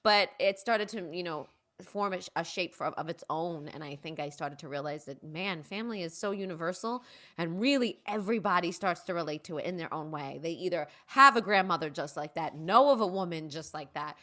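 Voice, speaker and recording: A woman's voice: lowish voice, fairly quick. A woman, a stage performer chatting as an interview guest and acting out family voices as she tells stories. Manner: animated storyteller, acts out family voices. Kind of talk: casual interview chat.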